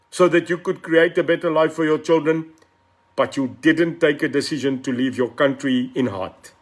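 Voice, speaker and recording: A middle-aged South African man, speaking with a South African accent and a slightly high voice, hosts a live political stream. He talks with real passion, switches between English and Afrikaans, and greets his viewers by name.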